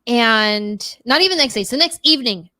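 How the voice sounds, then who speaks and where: Animated woman telling a story. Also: fairly high pitch, a little fast, dry recording. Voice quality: animated, acts out quotes in exaggerated voices. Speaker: podcast host. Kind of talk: casual storytelling chat.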